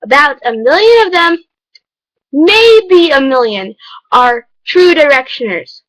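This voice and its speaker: A woman's voice: sits high, sing-song, slow pace, a bit bright, no room sound, rough recording. A woman vlogger talking to camera in an emphatic, lecturing, chatty way. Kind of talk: casual vlog monologue.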